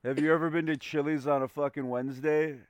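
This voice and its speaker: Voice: mid-range voice, steady tone, fast, dry recording, dull audio. A voice-chat participant who teases the others in a mock-serious tone. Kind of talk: joking casual voice chat.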